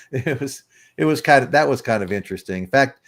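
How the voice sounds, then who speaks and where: A US man in his sixties hosts a casual livestream chat, greeting viewers and telling rambling stories with chuckles. His mid-range voice is fairly bright, with lively intonation and a fairly quick pace.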